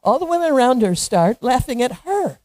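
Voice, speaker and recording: A woman preaching a sermon, telling a story with lively, animated delivery and frequent laughter. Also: sits high, fairly quick, no room sound.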